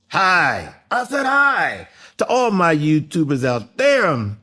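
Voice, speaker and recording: Flamboyant, lively man hosting a podcast. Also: fairly high pitch, takes it slowly, hardly any pauses. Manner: flamboyant, playful, exclamatory. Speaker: podcast host.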